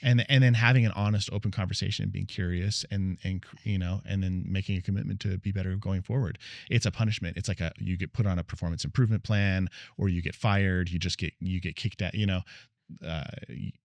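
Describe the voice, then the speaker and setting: A man's voice: deep voice, steady tone, fairly quick, creaky, a little mellow, no room sound. A man in his thirties, a podcast guest, talking earnestly in casual conversation and acting out quoted lines as he tells stories. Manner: earnest, storytelling, acts out quotes. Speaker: podcast guest, marriage researcher.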